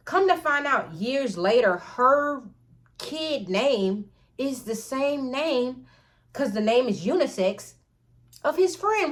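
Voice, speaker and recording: A woman vlogger telling a storytime tale in an animated, profane way, often calling out to her viewers. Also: mid-range voice. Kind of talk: storytime vlog.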